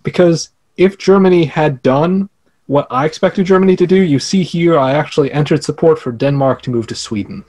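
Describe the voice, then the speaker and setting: Man, casual game talk, easygoing, frequent chuckles, thinks out loud, fairly high voice. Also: brisk. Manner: easygoing, chuckles often, thinks aloud with fillers. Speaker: fellow Diplomacy player. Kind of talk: casual conversation about a game.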